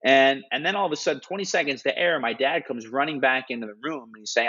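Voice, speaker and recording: A hockey analyst in an interview, retelling a story earnestly and animatedly, with frequent restarts and filler words. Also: male voice, mid-range voice, quick pace, sharp tone, husky. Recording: dull lo-fi audio.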